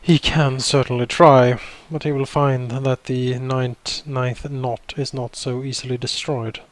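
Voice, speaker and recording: A man playing a smug, confident male schemer in a tabletop game, drawling slowly and self-assuredly. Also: medium pitch, little pitch movement, no echo, natural voice.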